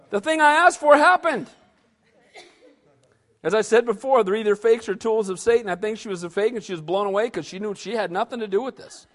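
A male pastor preaching an animated sermon in a church hall and questioning his audience. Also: very high-pitched.

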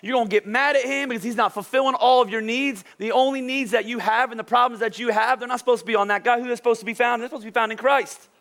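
A male pastor with a high-set voice delivers a sermon like a chat. He jokes with the congregation and keeps tossing in "right?" to check they are following. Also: fairly even intonation, fast, gravelly, hardly any pauses, fairly bright tone. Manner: conversational and joking, keeps asking "right?".

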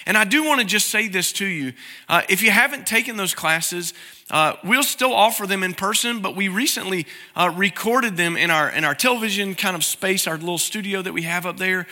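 A man speaking as a pastor to his congregation, earnest and grateful, sometimes growing soft and emotional as he shares news from the pulpit. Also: high voice, brisk. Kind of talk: church announcement from the pulpit. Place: church sanctuary.

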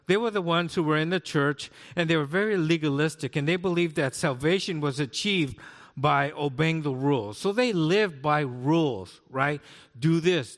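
A man's voice: on the high side, fairly bright tone. A man in his sixties preaching a conversational sermon as a pastor, often checking in with "right?". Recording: long hall reverb.

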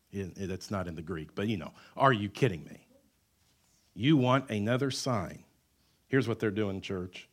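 A man preaching a sermon, who mixes humorous asides with emphatic lines and drops to quiet, stretched-out words. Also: on the high side. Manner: wide swings between loud emphatic lines and quiet, drawn-out words; conversational asides and self-deprecating humor. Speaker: pastor.

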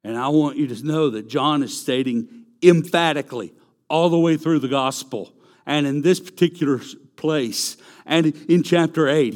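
A man's voice: on the high side, a little mellow. A man preaching a sermon, emphatic and repeating key phrases for stress. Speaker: pastor.

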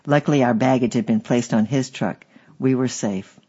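A man reading a memoir aloud as an audiobook narrator, steady and measured. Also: mid-range voice, slightly rough, muffled recording.

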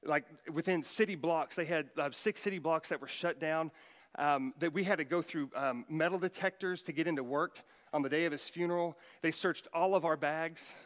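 A middle-aged man preaching a sermon as pastor, emphatic, his voice rising loud for quoted commands. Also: on the high side, normal speed, big-room sound.

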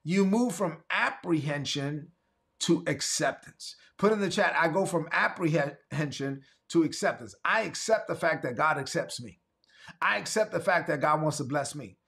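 A man's voice: a little high, expressive, normal speed, creaky, fairly bright tone. A man from Brooklyn preaching an emphatic livestreamed sermon, repeating refrains and asking viewers to write in the chat. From Brooklyn, New York. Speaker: pastor.

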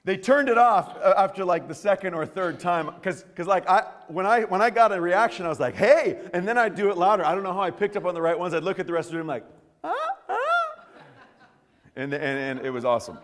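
A male pastor from the United States preaching a sermon with prayer and personal stories, a lively, joking storyteller who often restarts his sentences. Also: sits high, fast, few pauses. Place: church service. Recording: long reverb of a church hall.

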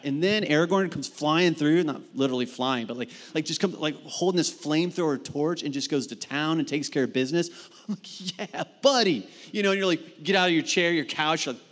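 A man preaching a sermon as pastor, animated and emphatic, dropping into casual asides while telling stories. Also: a little high, brisk, long reverb tail. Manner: animated, rising to emphatic peaks. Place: church sanctuary.

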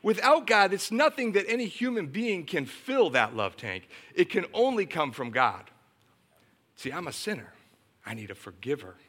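Animated, bright-voiced male preacher. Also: on the high side, husky. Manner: animated storytelling, emphatic preaching. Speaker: pastor. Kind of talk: sermon.

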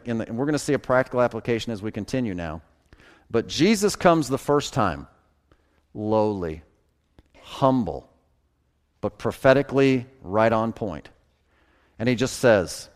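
Animated preaching man, drawl. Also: medium pitch. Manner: animated preaching, rising to emphatic peaks. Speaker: pastor. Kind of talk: sermon.

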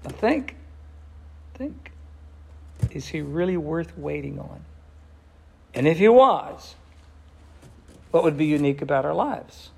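Male preacher, gravelly and a touch high, passionate sermon delivery with hushed drops. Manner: impassioned, slows down for emphasis, drops to near whisper.

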